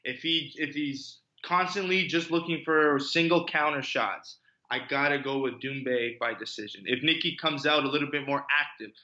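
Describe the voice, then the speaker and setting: Male co-host, bright slightly high voice, playful teasing, muffled lo-fi sound. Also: moderate pace. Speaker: podcast co-host, former kickboxer. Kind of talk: casual podcast chat.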